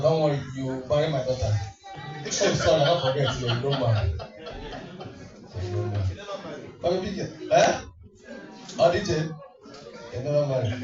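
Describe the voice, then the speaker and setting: A man's voice: on the high side, distant mic. A man hosting a community party, teasing the crowd playfully as he mixes English and Igbo. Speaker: event host. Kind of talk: joking emcee banter at a party. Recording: echoey hall, mic from afar, dull sound with loud music.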